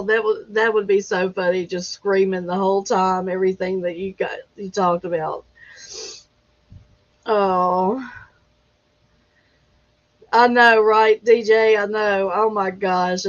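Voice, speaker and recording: Slow-talking woman greeting her chat. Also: mid-range voice, fairly even intonation. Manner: chatty, greets viewers by name, laughs easily. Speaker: livestream host. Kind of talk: casual live chat. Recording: dull lo-fi stream audio.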